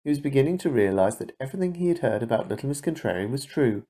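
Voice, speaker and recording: Man reading picture book to toddler, husky, lively intonation, storytime. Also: mid-range voice. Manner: slow, emphatic read-aloud with lively ups and downs. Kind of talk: children's storybook read-aloud.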